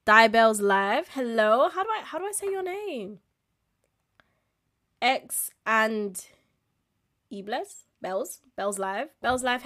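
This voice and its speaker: A woman, hosting a live-streamed podcast in a candid, chatty way and laughing often as she talks. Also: on the high side. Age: 20s. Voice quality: expressive, laughs often while talking. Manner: candid, chatty, swings between loud and quiet. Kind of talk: casual live-stream chat.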